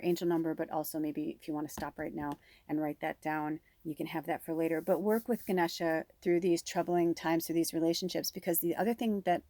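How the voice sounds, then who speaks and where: A woman's voice: fairly low pitch, a little mellow, no echo. A middle-aged woman giving a casual spiritual card reading, chatty and frank, swearing now and then and acting out quarrels. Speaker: tarot reader.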